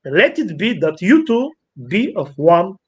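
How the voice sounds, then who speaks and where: Man doing a stern king of the gods, commanding, slow, even. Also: high-pitched, breathy edge, exaggerated voice. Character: stern supreme god settling a quarrel.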